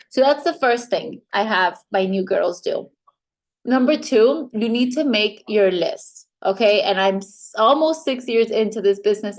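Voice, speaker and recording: A woman mentor giving a training talk to a live group of new recruits, upbeat and direct, who now and then acts out quick quoted voices. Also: fairly high pitch.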